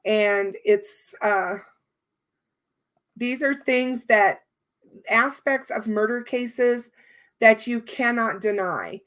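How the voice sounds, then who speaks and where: Drawing out her words and leaving long pauses, a livestream host with a higher-pitched voice chats casually. She sounds strained and tired, rambling on with lots of fillers while warmly thanking people.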